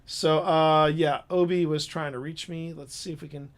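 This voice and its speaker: A man's voice: a little high, steady tone, moderate pace. A man hosting a casual live gaming podcast, rambling with frequent restarts and fillers. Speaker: podcast host. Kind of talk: casual live-stream chat.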